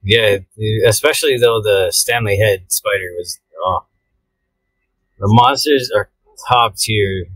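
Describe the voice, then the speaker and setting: A man's voice: on the low side, slow pace, a bit bright, slightly rough, dry recording, poor audio. A man co-hosting a casual movie chat with laid-back, short replies. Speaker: podcast co-host.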